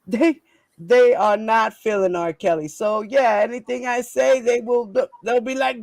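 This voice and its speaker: A woman's voice: a little high, steady tone, takes it slowly, creaky, long pauses, a little mellow, no room sound. A woman, hosting and ranting in a fiery, profane way and firing off rhetorical questions. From New York. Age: 40s. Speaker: host. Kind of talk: heated casual live-stream rant.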